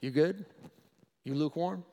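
A preacher doing a smug taunting snake. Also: male voice, on the high side, moderate pace, mellow, close to an everyday voice. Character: smug sly male snake on a path. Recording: long reverb of a large hall.

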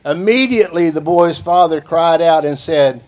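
A man's voice: fairly high pitch, normal speed, darkish tone. A man preaching a sermon, reading scripture and repeating key phrases for emphasis. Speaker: pastor.

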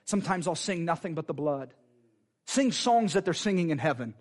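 A man preaching a sermon in a fervent, conversational way, with quick asides to the congregation. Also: on the high side, animated.

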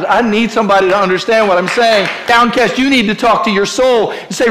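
A middle-aged man preaching a sermon, telling stories and rising to impassioned shouts. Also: high voice, normal speed, hardly any pauses, a crowd in the background. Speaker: pastor.

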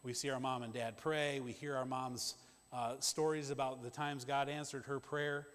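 A man preaching a sermon in a conversational, emphatic way, with quick asides to the congregation. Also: mid-range voice, little pitch movement, fairly bright tone. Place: church sanctuary. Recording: long church-hall reverb.

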